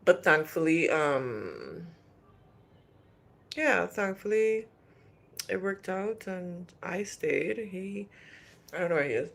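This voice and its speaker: A woman with a faint Trinidadian accent, from Trinidad and Tobago, speaks slowly in a fairly low, sing-song, creaky voice with long pauses. She's the host of a casual livestream from a hotel room, answering viewer questions in a chatty, meandering way with many restarts.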